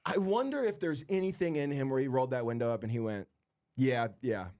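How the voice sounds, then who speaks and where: A man's voice: a little high, big pitch swings, fast talker, a little mellow. A man co-hosting a podcast who talks casually in long run-on stories. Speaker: podcast co-host. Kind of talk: casual chat.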